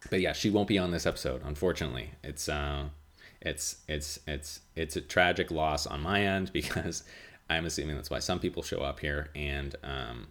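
Low nasal guy doing his podcast, rambly and monotone, lots of ums. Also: moderate pace. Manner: rambling, full of fillers and restarts. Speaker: podcast host. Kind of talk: casual solo podcast chat.

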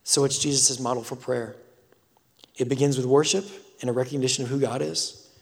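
A pastor giving a sermon, telling a story with emphatic swells and hushed drops. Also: male voice, medium pitch, fairly even intonation, fairly quick, vocal fry, big-room sound.

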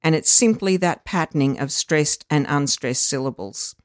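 Educator, mid pitch, unhurried teacherly explainer, close dry mic, occasional ums. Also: lively intonation, no echo. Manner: measured, teacherly, frequent ums and uhs. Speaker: literacy educator. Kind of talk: explanatory podcast chat.

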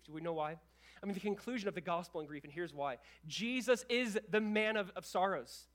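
High-voiced pastor preaching earnestly. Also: male voice. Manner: earnest, conversational preaching with many restarts and "like"s; swings from hushed, low passages to raised, emphatic ones. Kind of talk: sermon.

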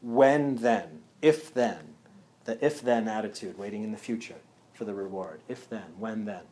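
A man's voice: on the low side, measured pace, darkish tone. A man speaking casually to a live audience at a wellness talk. He often checks in with "yeah?" and "right?".

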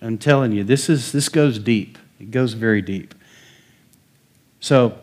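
A middle-aged male pastor preaches in a folksy, conversational way, with his pitch sitting in the middle range. He spins stories and acts out the voices of the people in them. Soft chuckles run through his talk. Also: a little slow, pauses often. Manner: folksy, chuckles often, acts out quoted dialogue. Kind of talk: sermon with storytelling.

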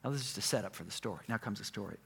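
Guy preaching a sermon in a big echoey room, acts out the story loud then drops real quiet. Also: on the low side, expressive, very fast, gravelly, husky. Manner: dramatic storytelling, swings from loud to hushed. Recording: echoey hall.

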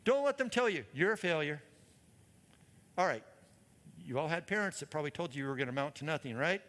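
A man preaching a sermon as a guest speaker, energetic and calling out to the congregation. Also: a little high, quick pace. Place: church hall. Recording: church hall reverb.

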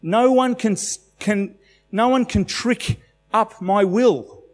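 Calm, firm Jesus , as an Australian preacher puts him on, spoken plainly in a sermon with a long hall echo. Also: male voice, high voice, slow pace, pitched above the performer's own voice. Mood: assured. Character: calm, assured Jesus speaking.

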